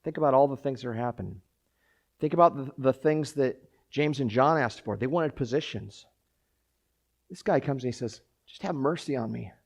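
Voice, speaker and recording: A man preaching as a pastor, closing his sermon with a prayer, moving from quiet pleading to loud, urgent calls. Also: mid-range voice, normal speed.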